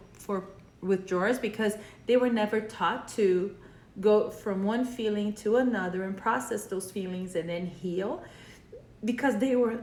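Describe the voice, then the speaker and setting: A woman's voice: mid-range voice, a little mellow. A woman therapist giving a casual video lesson, explaining conversationally and often checking in with "right?". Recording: echoey room, faint background hum.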